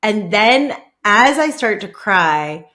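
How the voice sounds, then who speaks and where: Woman podcast host, casual storytelling, mid-pitched voice, hesitant and filler-heavy delivery. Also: very animated, sharp tone. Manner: halting, heavy use of "like", many restarts.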